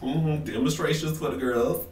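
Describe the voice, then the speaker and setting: A man's voice: a little high, steady tone, normal speed, background noise. Young man, sassy nervous home vlogger, roomy echoey sound, mic a bit far off. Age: 20s. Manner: nervous, chatty, sassy, says "girl" often. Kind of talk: casual vlog talk. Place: home bathroom. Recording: roomy echo, slightly distant.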